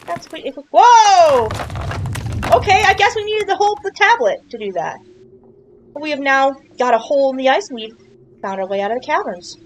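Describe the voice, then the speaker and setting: High, lively-voiced woman narrating a playthrough. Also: fairly quick, a little hiss or hum, low-quality recording. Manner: chatty, playful, jokey, exclaims at surprises. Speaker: video game streamer. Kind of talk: casual game playthrough commentary.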